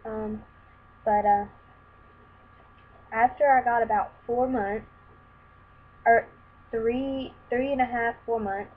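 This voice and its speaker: A woman's voice: fairly high pitch, fairly even intonation, slow pace, pauses often, breathy edge. A young woman tells a personal story to camera in a candid, rambling way, acting out what others said. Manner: candid, rambling, acts out quoted dialogue. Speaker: vlogger. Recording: tinny lo-fi sound with faint hiss.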